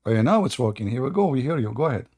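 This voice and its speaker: A man's voice: mid-range voice, sing-song, very fast, dark tone. A man hosting a casual livestream chat, joking and mocking, with a tired voice. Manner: mocking, joking, laughs at his own stories. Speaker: host.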